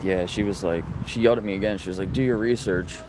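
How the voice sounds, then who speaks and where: A man's voice: low-pitched, fairly even intonation, racing. A man talking earnestly to his livestream viewers while walking and filming outdoors on a residential street, speaking into a handheld phone. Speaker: animal rights activist livestreamer. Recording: street traffic noise behind.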